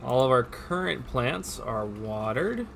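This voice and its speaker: A man's voice: medium pitch, animated, slow pace, gravelly, fairly bright tone, a little hiss or hum. A man casually commentating his own game stream, chatty and upbeat, talking to his viewers as he plays. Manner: chatty, upbeat, talks to himself and chat.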